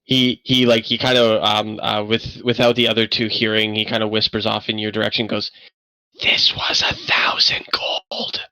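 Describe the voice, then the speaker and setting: Man game master, bright and dry on voice chat, halting rambling narration. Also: on the low side, flat delivery, dry recording, poor audio. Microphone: online voice chat.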